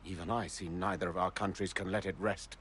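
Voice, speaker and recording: An actor voicing a stern noble man envoy in a video game, speaking in a formal, measured way. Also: deep voice, steady tone, fairly bright tone, a little hiss or hum.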